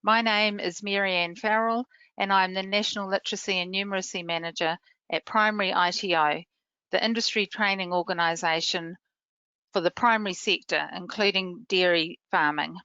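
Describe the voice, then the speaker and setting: A middle-aged woman with a New Zealand accent presenting a scripted training webinar, explaining terms clearly with many examples. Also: mid-range voice, steady tone, normal speed, bright, forceful tone, no room sound, lo-fi sound. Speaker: literacy manager presenting a webinar.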